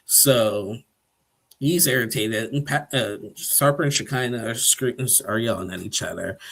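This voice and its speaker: A man's voice: medium pitch, moderate pace, creaky, fairly bright tone. A man giving a casual, rambling recap of a TV episode, chuckling often and acting out quotes.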